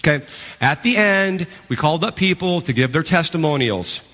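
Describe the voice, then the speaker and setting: A man giving a live stage talk to an audience, telling his story with animated energy and acting out his past reactions. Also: fairly high pitch, moderate pace. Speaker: motivational speaker. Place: large event hall. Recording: long hall reverb.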